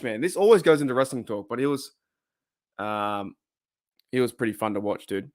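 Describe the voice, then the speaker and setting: A man's voice: mid-range voice, brisk. Laid-back Australian man rambling on stream. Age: 30s. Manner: rambling, laid-back, repeats himself, chuckles often. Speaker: host of a fan livestream. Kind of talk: casual livestream chat reacting to viewers.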